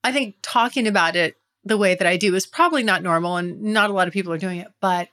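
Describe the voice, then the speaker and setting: Woman podcast host, candid casual monologue, chatty and giggly, average pitch. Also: fast talker, few pauses, fairly bright tone. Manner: chatty, giggly, confessional, addresses listeners directly.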